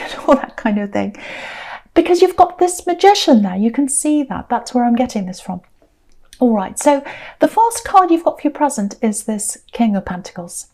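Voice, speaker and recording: Mellow-voiced woman reading tarot. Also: fairly high pitch. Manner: chatty, searching, repeats herself. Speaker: tarot reader. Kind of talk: casual spoken tarot reading.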